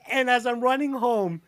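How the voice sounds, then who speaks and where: A man's voice: very high voice, a bit bright, a little hiss or hum. A man hosting a podcast, joking crudely and laughing often. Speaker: podcast host. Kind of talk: casual podcast banter.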